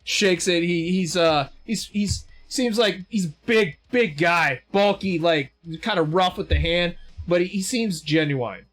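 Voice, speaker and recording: Man, game master, high voice, rambling, lots of fillers, self-deprecating. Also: a little slow, few pauses, fairly bright tone. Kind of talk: narrating a tabletop game.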